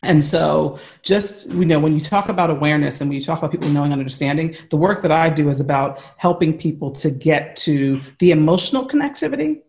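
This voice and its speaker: A man's voice: on the high side, fast, vocal fry, hardly any pauses, darkish tone. An American man speaking earnestly as an interview guest on a call from home, explaining at length with frequent fillers and restarts. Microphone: remote call from home.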